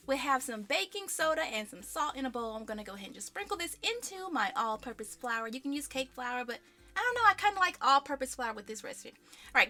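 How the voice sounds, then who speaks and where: Bright, chatty woman hosting a cooking show. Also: high voice. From American South. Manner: chatty, friendly asides to viewers. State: out of breath. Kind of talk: casual cooking demonstration.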